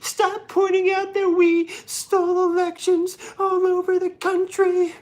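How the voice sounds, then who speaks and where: A man voicing a whiny, crying male Republican caricature in a high, sobbing voice whose accent keeps shifting, mocking and exaggerated. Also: monotone, a little slow.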